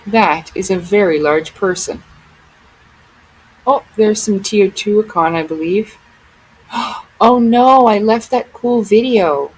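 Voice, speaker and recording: A woman's voice: mid-range voice, measured pace, darkish tone, breathy edge, poor audio. A woman vlogger giving casual commentary on photos, often exclaiming in amazement.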